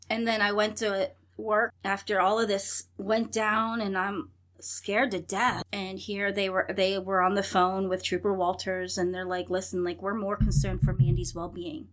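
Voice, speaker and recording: A woman in her thirties telling her own story in an interview, acting out what people said, laughing often and swearing. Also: medium pitch. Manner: animated, acts out dialogue, laughs often, swears. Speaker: interview guest.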